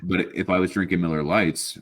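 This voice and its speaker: A man with an extremely deep voice vents angrily about his team, swearing freely in a casual podcast chat. He mentions being sick, and his talk rambles with restarts and exasperated sighs. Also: steady tone, fairly quick. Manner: ranting, profane, frustrated. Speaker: podcast co-host.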